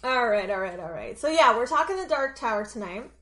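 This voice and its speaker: A woman hosts a casual podcast in a high voice. She keeps things loose and chatty, laughing easily along with her co-hosts. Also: expressive, fairly quick, fairly bright tone. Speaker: podcast host.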